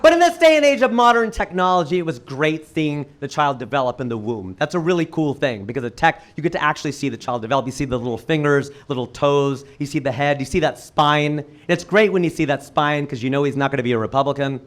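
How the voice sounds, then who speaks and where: Animated male stand-up comic, fairly high voice. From United States. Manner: quick, animated punchlines with jumps in pitch. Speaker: stand-up comedian. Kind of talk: stand-up comedy set. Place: comedy venue with a live audience. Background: audience laughter.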